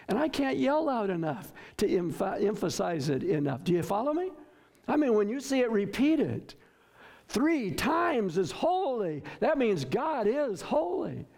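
Delivering an emphatic sermon, a pastor with a high-pitched, creaky, slightly mellow voice repeats words for stress. He frequently asks his congregation questions.

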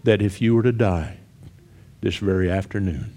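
A man preaching a sermon, telling a story with shouted cries and then dropping to hushed, earnest appeals. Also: low-pitched, normal speed.

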